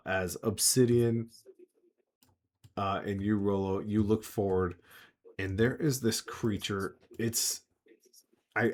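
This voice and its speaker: Man with a lowish voice as game master, loose and rambling narration. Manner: rambling, full of filler words and restarts.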